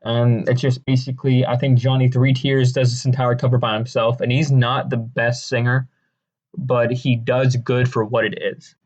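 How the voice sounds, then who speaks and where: Man, mid pitch, casual deadpan rambler with crude humor, slightly muffled lo-fi home mic. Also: moderate pace. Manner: rambling, deadpan, crude jokes, many fillers and restarts. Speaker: video creator ranking songs. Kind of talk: casual comedic commentary.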